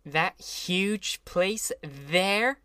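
A man's voice: sits high, very slow, pushed and bright, clear, resonant tone, dry recording, voice pushed up, heavily acted. A man putting on a breathless young society woman. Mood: delighted. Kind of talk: audiobook character reading.

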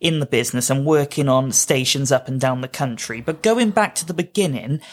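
A man hosting a radio interview, relaxed with small hesitations. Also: mid-range voice, a little fast. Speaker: radio show host.

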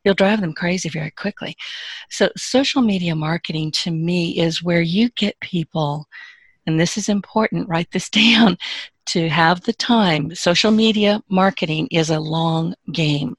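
Husky woman giving frank advice. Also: on the low side, measured pace, no echo. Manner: emphatic, joking, frank. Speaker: podcast guest, business owner. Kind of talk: casual interview advice.

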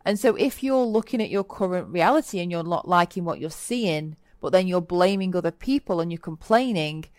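A woman hosting a solo self-help podcast, talking earnestly and motivationally and acting out quoted moments with lively voices. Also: on the low side, normal speed, hardly any pauses, no room sound. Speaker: podcast host. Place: lives in Bali.

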